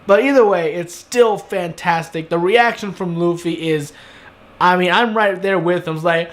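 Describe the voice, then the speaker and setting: A man reviews an anime episode in a casual video, excitable and swearing freely. His voice sits high, and he gushes between stumbling fillers. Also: moderate pace. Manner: excitable, gushing, profane.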